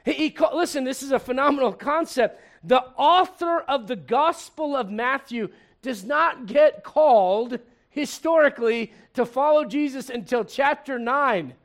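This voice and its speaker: Preaching in an extremely high voice at a slightly slow pace, a male pastor from Puerto Rico is animated and jokey. He often restarts sentences and acts out little scenes.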